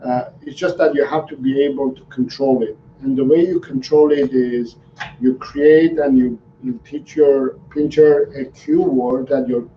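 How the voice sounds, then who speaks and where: Fielding questions from his live-stream audience, this dog trainer takes his time, stumbling through ums and frequently starting over. He has a mid-range voice, and the recording is distant, roomy, and dull with a little background noise.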